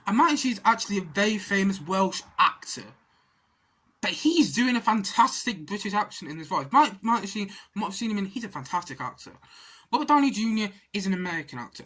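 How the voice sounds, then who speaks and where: A woman's voice: medium pitch, fairly bright tone. A woman giving a casual spoken film review, ranting in an exasperated, rambling way with frequent restarts and repeated words.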